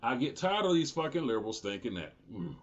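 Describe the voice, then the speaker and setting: Man in his forties, political commentary host, heated and profane, mid-pitched voice, dull lo-fi recording. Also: very animated, a little fast. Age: 40s. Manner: heated, profane, rising into shouts of indignation.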